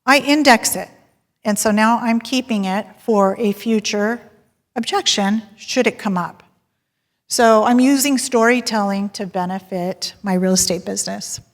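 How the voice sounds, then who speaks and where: A woman speaking from a stage, telling stories and polling her audience, with frequent laughs. Her voice is of middling pitch. The sound carries a long reverb tail from a large hall. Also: measured pace. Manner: lively storyteller, polls the audience and laughs often. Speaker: sales director giving a talk. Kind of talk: live presentation to an audience.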